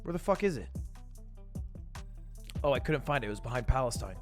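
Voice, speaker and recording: A man's voice: mid-range voice, expressive, a little fast, darkish tone, faint music behind. A young man streaming live, chatting casually and thinking aloud, with joking, mock-grand asides.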